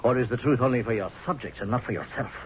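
A man's voice: mid-range voice, fast talker, slight background noise, close to an everyday voice. An actor playing a blunt, sarcastic male army general in a 1970s radio drama. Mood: scornful. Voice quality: sarcastic, forceful. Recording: dull lo-fi radio recording.

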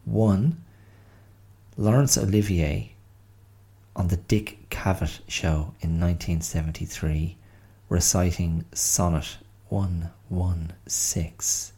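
A man in his fifties hosting a podcast, talking through a casual solo monologue in a reflective, halting way with many pauses and fillers. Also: low voice, mellow. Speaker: podcast host.

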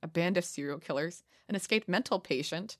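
A woman co-hosting a casual podcast, reading spooky legends aloud in a playful, giggly way with dramatic pauses. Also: lowish voice. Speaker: podcast co-host.

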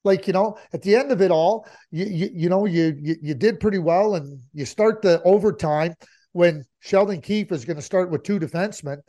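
A man's voice: high voice, normal speed, warm tone. A man giving his take on hockey in casual talk, emphatic and repetitive, often restarting his sentences. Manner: emphatic, repeats points, stammering restarts. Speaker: hockey analyst.

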